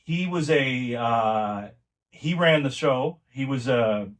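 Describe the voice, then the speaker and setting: A man's voice: mid-range voice, animated, slow pace, far from the mic. A middle-aged man, a podcast guest, telling family stories in a casual, rambling way with many restarts. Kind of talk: casual conversational storytelling.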